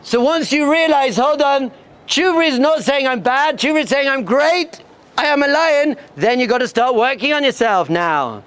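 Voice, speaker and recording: Energetic and emphatic, a male rabbi addresses yeshiva students in a very high voice at normal speed. He acts out bleating sheep and a roaring lion while telling a story, repeating punchy lines.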